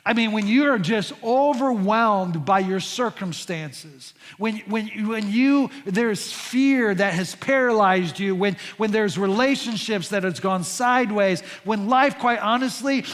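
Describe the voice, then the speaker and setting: A middle-aged pastor with a high voice tells a story in a chatty, animated way, tripping over his words and starting lines again. His voice rings out in a large church hall with a long reverb. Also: unhurried, few pauses. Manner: animated, conversational with many restarts and fillers. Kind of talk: storytelling sermon.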